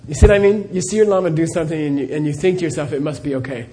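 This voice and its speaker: Middle-aged man teaching at a live Q&A, a bit high-voiced, chatty and laughing, faint noise behind. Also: rapid-fire, warm tone. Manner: chatty, laughing storyteller, many "you know"s. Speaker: Buddhist teacher. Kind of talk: live Q&A talk with anecdotes.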